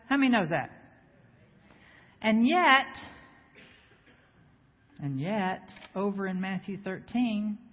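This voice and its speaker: A woman preacher delivering a lively sermon, bantering with the congregation and firing off rhetorical questions. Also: on the high side. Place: church sanctuary before a congregation. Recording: echoey hall, slightly dull sound.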